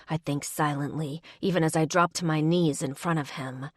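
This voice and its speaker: Expressive woman reading an audiobook. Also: low-pitched, normal speed, few pauses, no room sound, clean studio sound. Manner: expressive, dramatic inner monologue. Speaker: audiobook narrator. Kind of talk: first-person audiobook narration.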